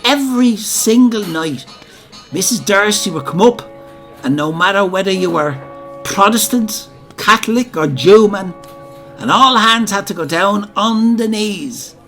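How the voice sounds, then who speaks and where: A man's voice: high-pitched, animated, slow, pushed and bright, soft background music, heavily acted. An actor playing an older Dublin man who tells a rambling, boastful pub story, with colloquial asides to his listeners. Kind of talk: theatrical comic monologue.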